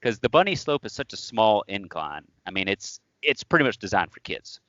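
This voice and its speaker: Animated man telling a story. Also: on the low side, normal speed, no room sound, lo-fi sound. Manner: animated, laughing, acts out quotes. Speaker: podcast co-host. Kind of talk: casual storytelling chat.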